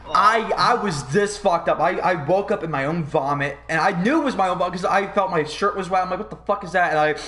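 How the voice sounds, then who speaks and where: A young man hosting a podcast, telling a long story in a rambling, profane, animated way. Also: high-pitched, a little fast, hardly any pauses. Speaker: podcast host. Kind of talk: casual storytelling.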